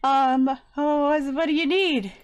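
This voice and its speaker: A woman in a casual live-streamed game role-play, playful and excitable. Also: high voice, unhurried. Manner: playful, excitable, laughs often. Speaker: role-player.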